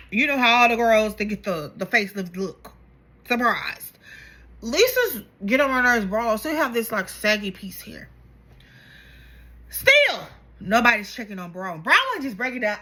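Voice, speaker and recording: Animated gossipy woman recapping reality TV. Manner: animated, gossipy, acts out quotes with big pitch jumps. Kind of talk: casual recap chat.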